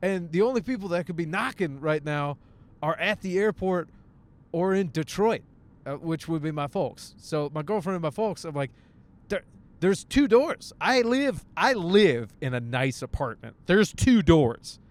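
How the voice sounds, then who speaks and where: A man's voice: a little high, expressive, normal speed. A young man hosting a casual podcast alone, telling a crude story with many jokes and laughs while driving. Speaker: podcast host. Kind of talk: casual solo rant. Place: in a car, driving.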